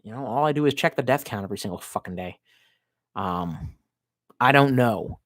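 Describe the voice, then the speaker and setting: A man's voice: mid-range voice, lively intonation, normal speed, dry recording, clean studio sound. Ranting, profane male streamer. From United States. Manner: profane, ranting, talks to himself, sudden yells. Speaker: live streamer reading chat. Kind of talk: profane rambling stream chat. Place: home basement room.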